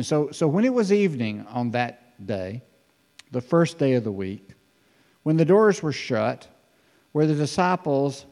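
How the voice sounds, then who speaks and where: A man's voice: mid-range voice, creaky. Conversational man preaching in a hall. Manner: conversational, animated, acts out scripture voices. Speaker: pastor. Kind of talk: sermon, expository preaching.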